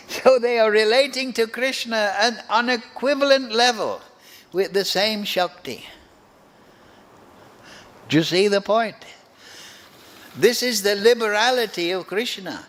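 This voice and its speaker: A man giving a devotional scripture class, speaking in a slow, deliberate and reflective way. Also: sits high, a bit bright. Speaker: spiritual teacher.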